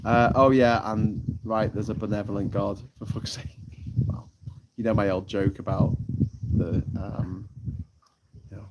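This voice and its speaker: Rambling British man over loud outdoor noise. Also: lowish voice, flat delivery, measured pace, pauses often. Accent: British English. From United Kingdom. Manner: rambling, swears freely, laughs at his own jokes. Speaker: live stream host. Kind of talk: casual chat reading live chat. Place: outdoors on a tropical island.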